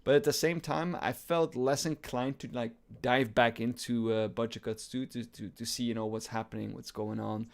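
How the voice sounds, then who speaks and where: A man's voice: mid-range voice, normal speed, creaky, hardly any pauses. Male podcast co-host, casual rambling review, lots of fillers. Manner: relaxed, rambling, many fillers. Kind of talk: casual chat, game review.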